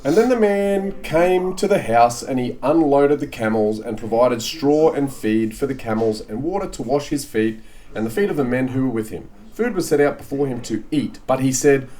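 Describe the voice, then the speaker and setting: A man's voice: mid-range voice, lively intonation, normal speed, mellow, rough recording. A man co-hosting a podcast, reading a story aloud and riffing on it in a playful, swearing, casual way. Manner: playful, swears, laughs off slips. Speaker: podcast co-host reading scripture. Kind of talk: casual comedic reading and banter.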